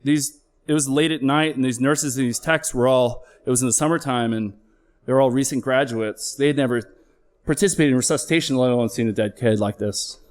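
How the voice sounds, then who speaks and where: A man's voice: mid-range voice, a little fast, darkish tone. A middle-aged man, a flight paramedic, telling a candid personal story on stage with earnest emotional swells.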